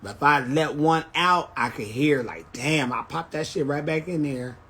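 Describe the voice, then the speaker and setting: A man's voice: a little high, normal speed, sharp tone, slight background noise. A man chatting casually on a phone livestream, telling brash, profane stories. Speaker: drag performer on a livestream.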